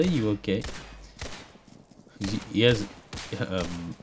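A gameplay host giving casual commentary, excitable, laughing often, swearing and yelping when startled. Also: mid-range voice, measured pace, a little hiss or hum. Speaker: gaming video host. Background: background music.

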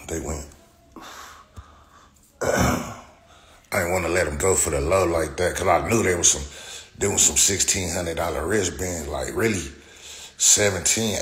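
His voice sits low with a slightly bright edge as he streams live, spinning casual stories in heavy slang with lots of cursing and laughing. The sound is roomy and echoing, with a faint layer of noise.

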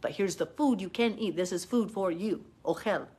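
A woman's voice: mid-range voice, moderate pace, darkish tone, breathy edge. A woman giving a live-streamed Bible teaching, fervent and emphatic, arguing her points with rising intensity. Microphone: phone or webcam, live stream.

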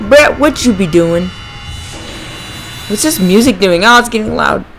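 A young man giving excitable let's play commentary on a horror game, yelping and shouting when startled. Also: sits high, a little slow, creaky, faint music behind. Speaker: gaming YouTuber.

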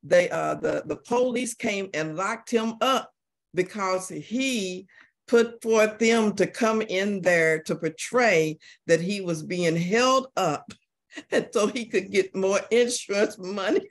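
A woman teaching an adult Sunday school class, telling a story in a lively way with many repeated words. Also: medium pitch, slow pace.

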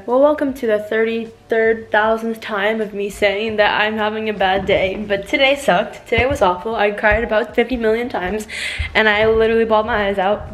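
A young woman chatting casually to camera as a vlogger. She is excitable, says "like" a lot and swears casually. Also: on the high side. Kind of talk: casual vlog chat to camera. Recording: roomy echo with faint music behind.

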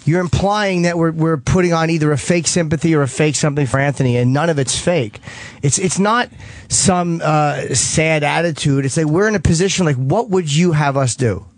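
A man's voice: on the high side, dry recording. A man co-hosting a radio talk show, telling stories bluntly in casual banter. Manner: fast, blunt storyteller. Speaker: radio co-host.

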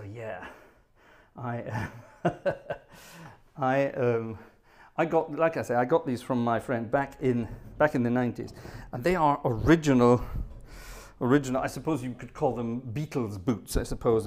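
A man's voice: mid-range voice, darkish tone. A middle-aged man from Scotland hosting a home organ livestream, telling a rambling, jokey story with self-corrections and asides.

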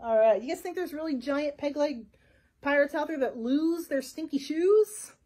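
A woman, a children's librarian, talking to young listeners in an animated, expressive storytime manner. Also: sits high, normal speed. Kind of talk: storytime read-aloud.

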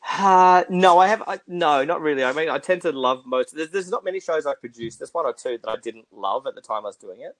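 Fast-talking Australian man, dry sound. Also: fairly high pitch, expressive, no echo. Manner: fast-talking with frequent restarts. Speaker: theatre producer. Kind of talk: conversational interview.

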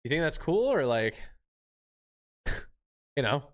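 A man live-streaming a game, chatting in slang, reacting loudly and thanking viewers for donations. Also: a little high, takes it slowly. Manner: loud hype outbursts, slangy and excitable, reads donations aloud. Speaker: gaming streamer. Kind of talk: live-stream chat while gaming.

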